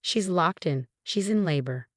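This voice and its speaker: A woman's voice: fairly low pitch, expressive, measured pace, dry recording, studio quality. A woman voicing a protective female friend who speaks urgently and sharply.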